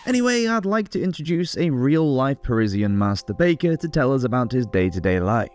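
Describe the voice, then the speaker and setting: A man narrating a scripted history documentary in a clear, explanatory way, with the odd casual joke. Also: mid-range voice, very animated, fairly quick, darkish tone, faint music behind. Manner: clear explanatory delivery with casual jokey asides.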